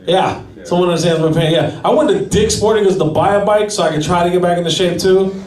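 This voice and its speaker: A man with a fairly high voice doing stand-up, joking about himself and chatting with the crowd. He is heard from a distance in a roomy, echoing space. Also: fast talker, darkish tone. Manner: self-deprecating, chatty with the crowd. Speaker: stand-up comedian. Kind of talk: stand-up comedy set. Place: small gallery venue at an open mic. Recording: echoey room from a distance.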